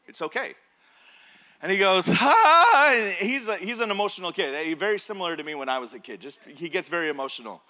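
Animated high-voiced male preacher. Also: fast, hardly any pauses. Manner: animated, self-laughing storyteller. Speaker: pastor. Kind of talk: sermon with personal storytelling.

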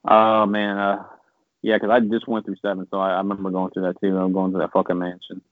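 Deep fast-talking man, phone-like sound. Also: no room sound. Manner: swears a lot, rambling and animated when venting. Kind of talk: casual gaming chat. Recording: tinny phone-like dry sound.

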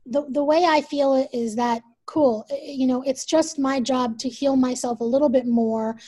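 A woman in her forties telling a personal story as a guest, emphatic and animated, swearing freely. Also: sits high, moderate pace, slightly rough, dry recording. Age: 40s. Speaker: guest, event leader.

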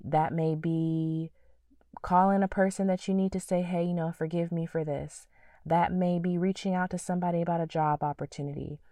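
Woman podcast host, low mellow voice, earnest faith teaching with whispered prayers, dry sound a little off the mic. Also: steady tone, moderate pace, no room sound, distant mic.

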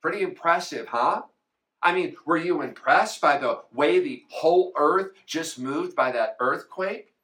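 Male pastor, fairly high, bright voice, slow measured sermon delivery with dramatic retellings. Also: expressive. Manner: dramatic retelling, voicing biblical figures. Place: church.

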